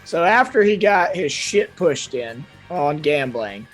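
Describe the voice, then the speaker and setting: A man's voice: fairly high pitch, very animated, takes it slowly, a bit bright, soft background music, rough recording. A man playing a tabletop game, joking in a dry, casual way. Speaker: player.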